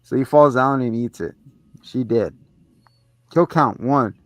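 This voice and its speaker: A man's voice: medium pitch, measured pace, no echo, soft background music. A man co-hosting a podcast, recapping a horror movie in a rambling, profane storytelling way. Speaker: podcast co-host. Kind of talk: casual movie review chat.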